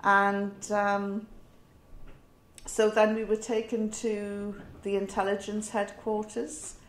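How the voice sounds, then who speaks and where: A middle-aged woman with a northern English accent tells a personal story in a reflective, wry way, with pauses and fillers. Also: mid-range voice, little pitch movement. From north of England. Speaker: interviewee. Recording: roomy echo.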